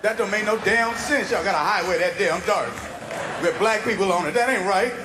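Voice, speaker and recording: A man performing a stand-up routine, animated and acting out voices as he tells a story. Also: high-pitched, a little fast, noisy background. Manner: animated storyteller, acts out voices, laughs through lines. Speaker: stand-up comedian. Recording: live venue with loud audience laughter. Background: audience laughing and clapping.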